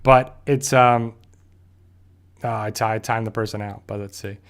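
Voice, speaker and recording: A man's voice: lowish voice, fairly even intonation, a little slow, gravelly, clean tone. A man hosting a casual show, recapping and reviewing a TV episode in a rambling way, with lots of fillers and restarts. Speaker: show host.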